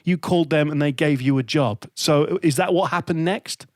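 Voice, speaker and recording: A man's voice: on the high side, moderate pace, a little mellow, no room sound. Male podcast host, dry close sound. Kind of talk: interviewing a guest.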